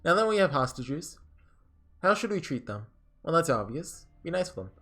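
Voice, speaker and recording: A man's voice: fairly high pitch, sing-song, normal speed, fairly bright tone, voice pushed up, exaggerated voice. A man reading aloud as a callous male oni rider from a game, breezy and mocking.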